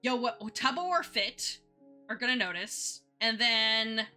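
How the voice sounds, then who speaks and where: A woman with a high, bright voice chats casually while drawing on a live stream. She rambles and giggles between thoughts, and soft music plays behind her. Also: lively intonation. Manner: retells others' lines in quick playful voices.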